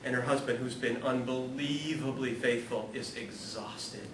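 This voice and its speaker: Man, animated self-deprecating storyteller, spiritual talk, echoey room, distant mic, rumbling noise. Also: unhurried. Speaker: speaker at a ministry talk series. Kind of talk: humorous spiritual talk with read-aloud passages.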